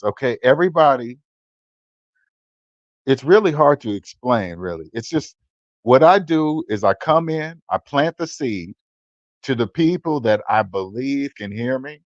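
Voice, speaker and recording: A blunt, preachy man in his fifties talks to his viewers in a casual monologue and hammers his points home by repeating words. His voice sits in a middle pitch. The recording sounds dull and lo-fi, with a dry, close feel. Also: dry recording. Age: 50s. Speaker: personal finance channel host. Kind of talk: casual livestream-style monologue.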